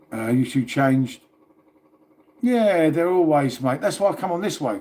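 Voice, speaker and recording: A man's voice: mid-range voice, darkish tone. A man hosting a casual livestream, chatting and rambling to viewers and swearing now and then. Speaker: livestream host.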